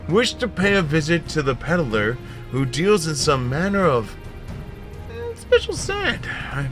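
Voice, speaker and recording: A man voicing a weary middle-aged sellsword who grumbles slowly through a tired tale. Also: fairly high pitch, pushed and bright, heavily acted. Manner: slow, grumbling, world-weary.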